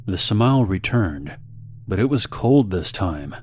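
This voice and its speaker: A man narrating a scripted horror story in a measured, steady storytelling manner. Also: low-pitched, a little hiss or hum.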